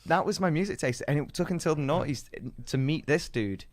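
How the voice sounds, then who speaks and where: A man's voice: on the high side, fairly quick, no room sound. A British man in his thirties co-hosting a podcast, telling stories in rambling casual chat full of fillers. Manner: rambling, many fillers, animated storytelling. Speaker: podcast co-host.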